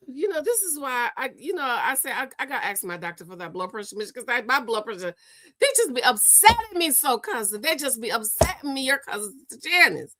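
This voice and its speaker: A woman's voice: on the high side, very animated, fairly quick, sharp tone. A woman hosting a gossip commentary show, exasperated and scolding, stammering and repeating herself as she rants. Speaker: host.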